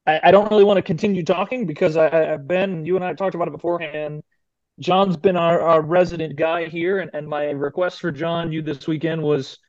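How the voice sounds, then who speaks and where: Earnest halting male podcast host. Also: a little high, darkish tone, dry recording. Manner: halting, earnest, many restarts. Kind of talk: casual podcast talk. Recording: muffled lo-fi audio with faint music.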